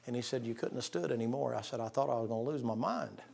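Middle-aged pastor, folksy storyteller, acts out voices, hushed then loud. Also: male voice, mid-range voice, fast, creaky. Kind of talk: sermon.

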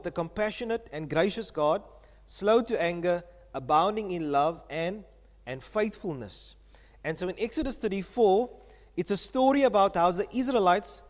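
A pastor with a high-pitched voice preaches to his congregation, stopping often to ask them questions. His voice rings out with a long reverb from the church hall. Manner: teaching, asks the congregation questions. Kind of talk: sermon.

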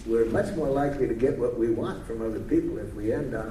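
A man leading a live workshop in a playful, deliberate, coaxing way, recorded in an echoey room from a distance. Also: mid-range voice, mellow. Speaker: workshop leader. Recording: echoey room from far off, faint noise.

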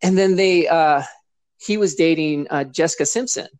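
A man's voice: on the high side, moderate pace, no echo. A man who performs as a sports mascot, telling a story in casual chat and animatedly acting out other people's lines. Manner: animated, acts out others' voices in quotes.

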